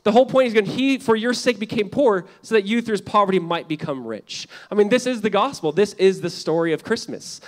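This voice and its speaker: A pastor delivering a sermon in a fairly high male voice. He talks casually, full of fillers and asides, then drives points home loudly before dropping to a hush. The delivery stays animated and conversational throughout. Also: brisk, few pauses. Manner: animated and conversational, swinging between loud emphasis and hushed lines.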